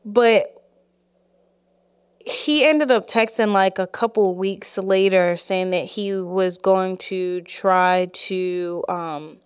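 A woman tells a personal story on her podcast, frank and chatty, leaning on filler words as she goes. Her voice is smooth and clear, sitting at an ordinary middle pitch for a woman. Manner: chatty and frank, full of fillers like "like" and "you know"; laughs often while telling the story. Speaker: podcast host.

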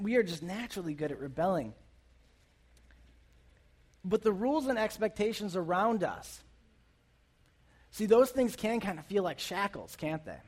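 High-voiced man preaching casually. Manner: conversational, asks the audience questions. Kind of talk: casual sermon.

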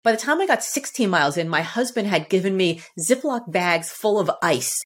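A woman tells a personal story as a podcast guest. Her voice moves up and down a lot while she acts out what people said, and it sits at an ordinary pitch for a woman. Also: normal speed. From Boston area, United States. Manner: lively, acts out quotes with shifting pitch. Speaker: podcast guest, author and speaker. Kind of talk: animated storytelling in conversation.

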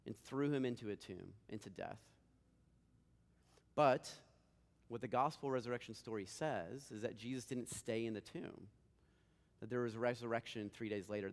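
A man in his thirties preaches in an earnest, conversational way, rising in his appeals and falling soft at the ends of his thoughts. His voice sits at a middling pitch, with a long reverb trailing after it through the church sanctuary. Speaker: pastor. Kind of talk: sermon.

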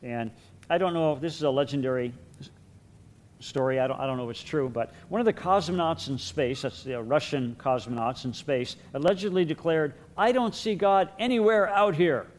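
A man's voice: mid-range voice, brisk, darkish tone. A man teaching a Bible class in a conversational lecture, with repeated words and light chuckles.

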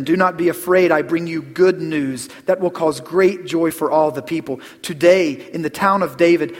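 A middle-aged man preaching a Christmas sermon as pastor, earnest, repeating words and dropping to a hush on key phrases. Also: fairly high pitch. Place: church sanctuary. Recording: long hall reverb.

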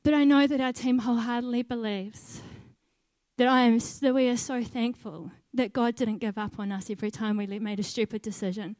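A young adult woman leading a volunteer team offers her personal testimony, a sincere faith story about volunteering sprinkled with laughs at her own expense. Her voice is on the high side and a little mellow, steady in tone, a little fast, and recorded dry.

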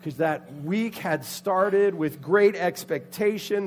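A man preaching a sermon, telling a Bible story with lively acted-out voices and sudden loud outbursts. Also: high voice, slow, hardly any pauses. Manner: animated, acts out the characters' voices with loud outbursts. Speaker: pastor.

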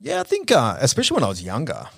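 A man, co-hosting a podcast, telling reflective stories in a relaxed way with lots of fillers. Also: medium pitch, racing, gravelly, breathy edge, no room sound, clean studio sound. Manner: reflective storytelling with many fillers. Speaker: podcast co-host. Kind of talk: casual conversational chat.

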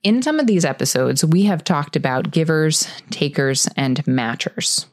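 A woman's voice: low-pitched, lively intonation, unhurried, dry recording, studio quality. A middle-aged woman hosting a career advice show, telling a story from her own work in a candid, conversational way. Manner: candid, conversational, self-correcting. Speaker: podcast host.

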